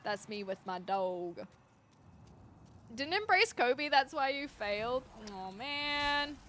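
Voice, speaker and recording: A woman's voice: high-pitched, expressive, slow, a bit bright, a little hiss or hum. A woman streamer chatting playfully through her gameplay, talking to her dog and her viewers. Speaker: game streamer. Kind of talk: live-stream gameplay commentary.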